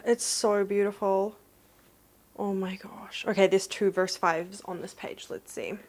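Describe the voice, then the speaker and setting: A young woman who grew up in New Zealand, chatting excitedly through a casual unboxing vlog and gushing with gasps. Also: mid-range voice, measured pace. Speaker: vlogger.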